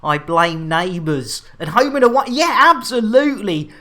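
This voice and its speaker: A woman's voice: on the low side, big pitch swings, moderate pace, pushed and bright. A woman from the UK streaming a game, chatting playfully and greeting viewers by name. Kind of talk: casual live-stream chat.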